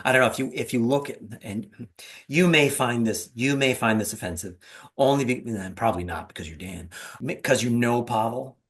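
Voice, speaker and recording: A man hosting an interview, chatting casually and joking with animated storytelling. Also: medium pitch, fairly quick. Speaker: host.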